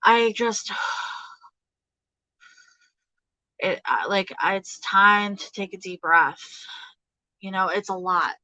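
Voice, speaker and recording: A woman in her thirties giving a casual tarot reading, halting and hesitant, with many fillers and restarts. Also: mid-range voice, bright, forceful tone, no echo, lo-fi sound. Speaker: tarot reader.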